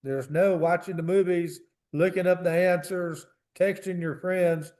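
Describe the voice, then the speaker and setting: High-pitched sardonic man. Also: steady tone, unhurried, darkish tone. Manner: sardonic, acts out little imagined exchanges. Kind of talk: casual podcast chat.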